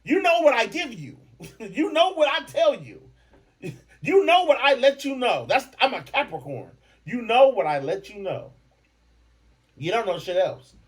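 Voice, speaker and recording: Brash, animated man ranting for laughs. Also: very high-pitched, unhurried, breathy edge. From Michigan. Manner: profane, brash and mocking. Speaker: podcast host. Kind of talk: comedic rant monologue.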